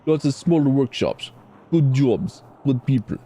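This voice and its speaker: A man's voice: medium pitch, animated, unhurried, dark tone, husky, voice pushed up. A man voicing a stern, menacing male camp leader in a put-on Scottish accent, with clipped, threatening lines. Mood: grim.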